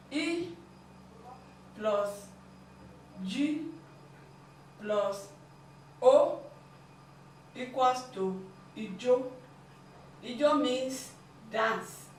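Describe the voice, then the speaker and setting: A woman's voice: sits high, lively intonation, extremely slow, pauses often, slight background noise. A woman giving a language lesson, explaining patiently and repeating her points. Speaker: language teacher. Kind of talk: classroom lesson. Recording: echoey room, mic at a distance.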